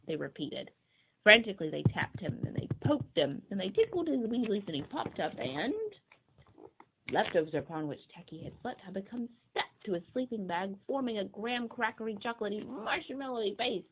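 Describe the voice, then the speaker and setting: A woman reading a children's picture book aloud in an expressive way. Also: deep voice, normal speed, slightly rough. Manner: expressive, sweeping storybook reading. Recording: tinny phone-like sound.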